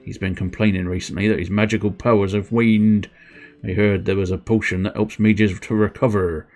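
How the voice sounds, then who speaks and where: A man's voice: on the low side, level tone, moderate pace, darkish tone, lo-fi sound, close to an everyday voice. A man voicing a polite soldier who is asking a shopkeeper for a potion in a game. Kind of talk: reading game dialogue aloud.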